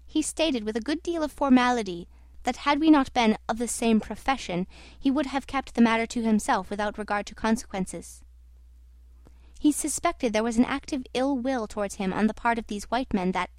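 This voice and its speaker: Woman audiobook reader, measured literary narration, fairly high voice, dry booth sound. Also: a little mellow, dry recording. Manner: measured, reflective.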